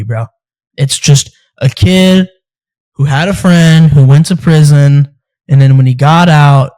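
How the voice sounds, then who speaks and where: A young man hosting a casual chat, telling animated stories, laughing often and swearing casually. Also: fairly high pitch, poor audio. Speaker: podcast host and amateur fighter.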